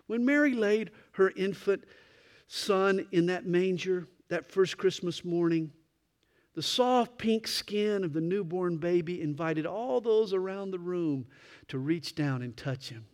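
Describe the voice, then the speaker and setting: High-voiced preacher with surging emphasis. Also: male voice, animated. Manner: emphatic preaching, swells loud then drops soft and slow. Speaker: pastor. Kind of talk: sermon.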